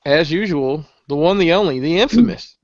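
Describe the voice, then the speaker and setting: A man's voice: a little high, animated, moderate pace, no echo, muffled recording. A man hosting a podcast, opening the show and introducing the guests in an upbeat, hyped-up way. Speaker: podcast host. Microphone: video call.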